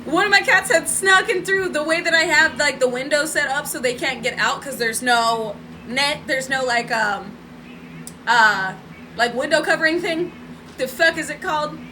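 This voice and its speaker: Chatty woman livestreaming from home, high voice, laughs a lot, talks to chat, faint room hum. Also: normal speed, bright, forceful tone, low-quality recording. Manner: chatty, laughing, talks to viewers and her cat. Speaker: spiritual vlogger. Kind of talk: casual live-stream storytelling.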